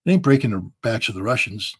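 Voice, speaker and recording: Blunt, husky American man. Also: mid-range voice, sing-song, fast. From United States. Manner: emphatic, blunt, folksy. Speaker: guest commentator. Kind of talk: heated political commentary.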